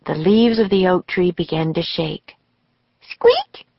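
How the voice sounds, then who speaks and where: A woman narrating a children's audiobook in a slow, deliberate storytelling manner, recorded on a close studio mic. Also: lowish voice, vocal fry, no echo. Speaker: author and narrator. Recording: dry, slightly dull studio audio.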